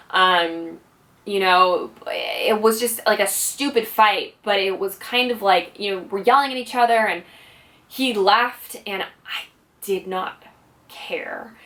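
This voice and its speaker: A woman's voice: medium pitch, fairly bright tone. A woman vlogger telling a personal story in a casual, rambling way, full of "like" and "you know". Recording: voice slightly distant from mic.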